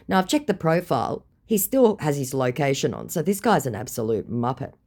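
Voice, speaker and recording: A woman's voice: a bass voice, big pitch swings, moderate pace, dark tone. A woman telling a comic story in a sarcastic, mocking way. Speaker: storyteller recounting a chat. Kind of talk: comedic storytelling.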